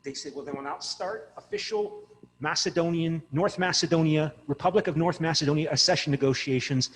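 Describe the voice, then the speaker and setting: A man giving an informal university lecture in an animated, rambling way, often breaking off mid-word. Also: fairly high pitch, a little fast, big-room sound, slight background noise. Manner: animated, rambling, self-interrupting. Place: classroom.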